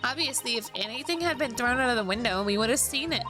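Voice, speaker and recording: A woman's voice: fairly high pitch, lively intonation, fast talker, natural voice. A woman voicing a drowsy, eager young male police constable in a courtroom game, over background music.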